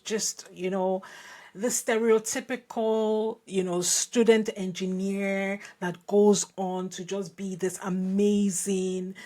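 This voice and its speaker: A woman from Nigeria hosting a podcast, telling a personal story in a reflective way with frequent restarts and asides. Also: medium pitch. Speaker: podcast host.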